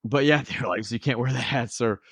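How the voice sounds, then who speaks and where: A man's voice: medium pitch, quick pace, a bit bright, breathy edge, dry recording. A young man casually telling a personal story on a podcast, earnest and emotional and laughing often. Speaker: podcast host, new father.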